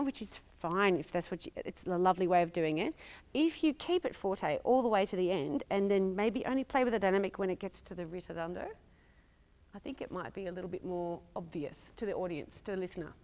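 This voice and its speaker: Australian woman coaching violin. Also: medium pitch. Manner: encouraging, questioning, sings phrases. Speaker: violin teacher. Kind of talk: master class coaching.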